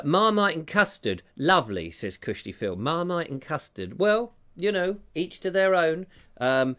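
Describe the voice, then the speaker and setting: Jokey man, lively pitch. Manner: jokey, rambling, self-mocking. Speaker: live stream host. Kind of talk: chatty live stream, reading out viewer comments. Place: home room with a fire.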